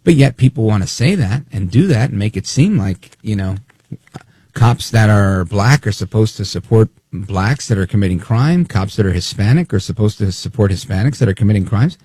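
Male radio host, opinionated and animated, dry close sound, wide swinging pitch. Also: moderate pace, breathy edge, dry recording. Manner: animated, snide, acts out quotes. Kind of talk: opinionated political talk radio.

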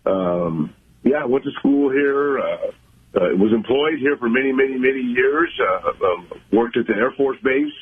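An older man from the California Central Coast, a guest on a radio interview, talking in a halting, folksy way with many fillers. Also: mid-range voice, lively intonation, breathy edge. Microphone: phone. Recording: tinny phone line.

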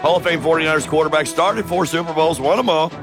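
A man's voice: fairly high pitch, quick pace, music in the background. A man hosting a morning radio show, chatting casually with wry, joking sports banter.

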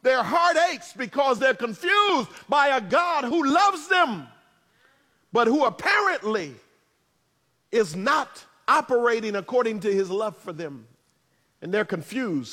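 High-voiced animated male preacher. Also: in a large hall. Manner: animated, playful asides, shouted emphasis. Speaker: pastor. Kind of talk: sermon.

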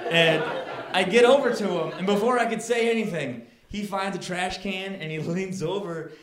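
A man doing a stand-up comedy set on a club stage, telling an animated story, acting out people and sometimes shouting. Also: high-pitched, normal speed. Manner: animated storytelling, acts out characters, builds to shouting. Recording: roomy live club sound with crowd laughter.

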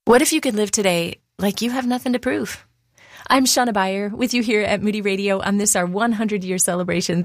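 A woman's voice: medium pitch, no echo. A woman hosting a short radio devotional, speaking encouragingly and directly to the listener. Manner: warm, encouraging, direct address. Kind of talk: scripted devotional.

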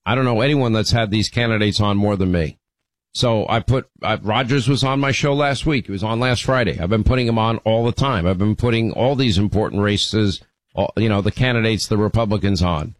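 A man's voice: lowish voice, fairly quick, dry recording, rough recording. A man hosting a call-in radio show, talking to callers in a conversational way and often restarting his sentences. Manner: conversational, repeats words when restarting. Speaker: radio talk show host. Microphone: studio microphone.

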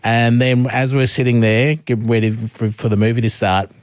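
A man's voice: mid-range voice, level tone, normal speed, no echo. A man co-hosting a radio show, telling stories in casual chat and laughing often. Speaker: radio co-host.

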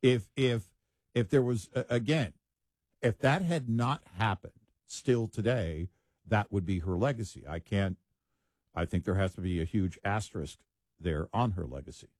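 Low-voiced measured male co-host. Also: darkish tone, no echo. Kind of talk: casual talk show commentary.

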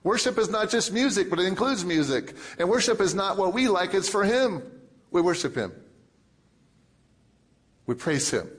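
Emphatic preaching man, higher-pitched. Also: expressive, normal speed, long pauses. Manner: emphatic preaching with repetition and big swings in volume. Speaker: pastor. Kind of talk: sermon.

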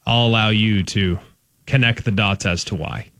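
A man's voice: lowish voice, steady tone, moderate pace, a bit bright, dry recording. A man from Dallas-Fort Worth, co-hosting a sports talk show and making emphatic, folksy points, often repeating phrases. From Dallas-Fort Worth, Texas. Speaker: sports radio co-host.

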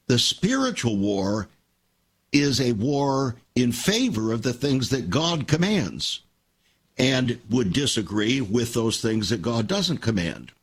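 A man's voice: medium pitch, big pitch swings, slow pace, husky. An older man hosting a Christian radio talk show, telling stories earnestly and with emphasis.

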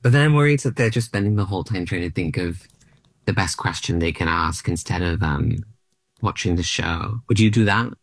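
A man's voice: low voice, a little fast, dry recording. A man in his late thirties from Australia, a stand-up comedian guest, rambling playfully with many likes and ums. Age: late 30s. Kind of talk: casual interview chat.

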